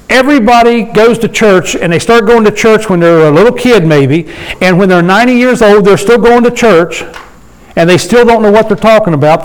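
A man leading a Bible study sermon in a conversational way, slowing down to read scripture and often asking his listeners for agreement. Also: sits high, poor audio. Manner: conversational, asks the room for agreement; slows down to read scripture aloud. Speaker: preacher.

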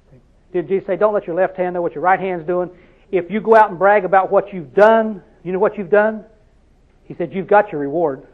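Male preacher, high-pitched, tinny lo-fi recording; folksy sermon full of rhetorical questions. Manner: drives points home with repeated "See?" questions; storytelling, conversational.

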